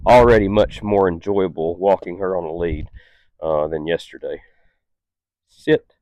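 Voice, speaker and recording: A calm, patient man training a dog, with a fairly low voice. His explanations stay steady and unhurried, broken up by short, stern commands. The sound is dry and close. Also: dry recording. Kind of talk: instructional demonstration.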